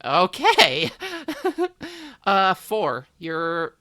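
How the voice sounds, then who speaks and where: A game master running a tabletop game on a live stream, relaxed and halting, with many fillers. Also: medium pitch, clean tone, no echo, studio quality.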